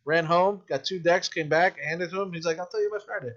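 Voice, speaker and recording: Profane, animated man on a lo-fi podcast. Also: on the high side, fairly quick. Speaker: independent filmmaker. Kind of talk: casual podcast chat.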